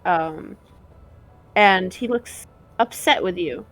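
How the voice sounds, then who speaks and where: Slow-talking woman game master. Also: lowish voice, fairly bright tone. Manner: slow, halting narration with fillers. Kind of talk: narrating a tabletop game.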